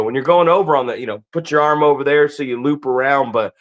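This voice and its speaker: A man's voice: medium pitch, fast. A man hosting a podcast who speaks bluntly in casual chat, trading stories and swearing freely. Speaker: podcast host.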